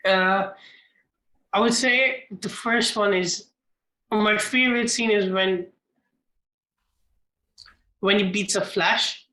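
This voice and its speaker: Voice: medium pitch, steady tone, takes it slowly, pauses often, bright, forceful tone, echoey room. A film podcast co-host who talks hesitantly, often stopping and restarting sentences, and answers in short clipped replies. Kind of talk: casual film chat.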